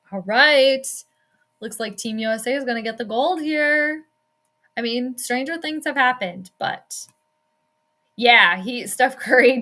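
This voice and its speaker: A woman's voice: on the high side, bright, forceful tone. A young woman doing casual live play-by-play, chatting and reacting aloud to the games she watches. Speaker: sports streamer doing her own play-by-play.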